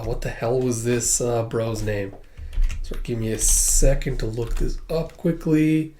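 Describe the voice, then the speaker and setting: A man's voice: mid-range voice, steady tone, a little slow, mellow. A man hosting a manga reaction video, rambling casually and swearing often.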